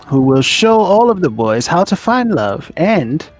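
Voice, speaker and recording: A brash, teasing man at a tabletop game, his voice pitched a bit higher than most men's. He talks in loose, playful banter. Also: very animated, unhurried, soft background music. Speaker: player.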